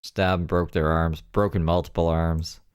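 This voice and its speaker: A man's voice: sits low, flat delivery, measured pace, a little hiss or hum. A man hosting a commentary show, reacting to a stream with sarcastic, mocking, profane remarks. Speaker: commentary host.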